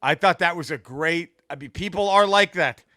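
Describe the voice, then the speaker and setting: A man co-hosting a comedy podcast, chatting casually and profanely, animated and quick to laugh. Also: fairly high pitch, no echo, studio quality. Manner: animated, profane, laughs a lot, does mock impressions. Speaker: podcast co-host.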